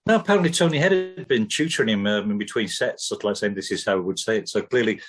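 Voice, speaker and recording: A man co-hosting a podcast, chatting in a relaxed way with fillers. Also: lowish voice, fast. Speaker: podcast co-host. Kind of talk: casual podcast chat.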